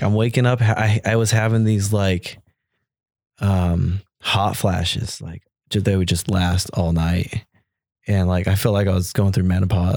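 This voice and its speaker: A man's voice: deep voice, no room sound, clean studio sound. A man as a podcast guest, telling a personal story in casual talk and acting out the voices of people he quotes. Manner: animated, acts out quoted dialogue.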